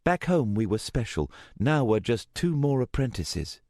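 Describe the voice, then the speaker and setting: A man voicing Rachel, a cautious and thoughtful teenage girl apprentice who talks quietly in an audiobook. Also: medium pitch, very animated, a little slow, no room sound, studio quality, voice pushed up. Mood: flat.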